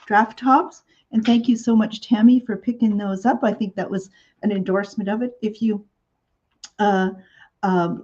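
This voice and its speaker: A woman's voice: a little high, warm tone, lo-fi sound. Chatty woman hosting a shopping show. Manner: chatty, rambling with many fillers. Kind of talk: live shopping show chat.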